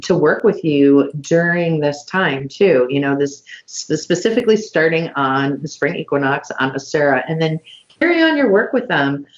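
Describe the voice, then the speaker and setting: A woman hosting a casual online conversation, listing items slowly with many fillers over a video call. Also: low-pitched, big pitch swings, muffled recording. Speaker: podcast host.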